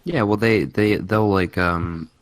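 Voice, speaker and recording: A man on a casual podcast, speaking haltingly and filling with constant "like". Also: fairly low pitch, dry recording. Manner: halting, filler-heavy with constant likes.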